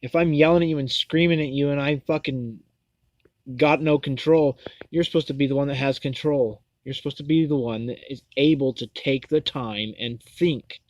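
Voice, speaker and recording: A man's voice: medium pitch, steady tone, moderate pace, a little mellow, no echo, dull audio. A man hosting his own livestream, ranting angrily, swearing often and stumbling over repeated words. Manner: profane, heated, repetitive stammering restarts. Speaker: livestream host. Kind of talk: angry livestream rant.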